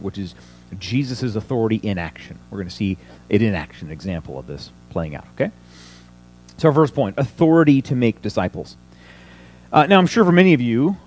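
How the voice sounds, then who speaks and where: Male pastor, mid-pitched, very animated delivery, keen on rhetorical questions. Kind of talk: sermon.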